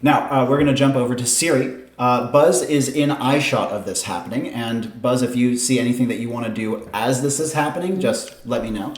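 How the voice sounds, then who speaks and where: A man running a tabletop game as its game master, narrating scenes in a steady, descriptive way. His voice sits at a middling pitch. A roomy echo hangs around it. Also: fairly quick, hardly any pauses.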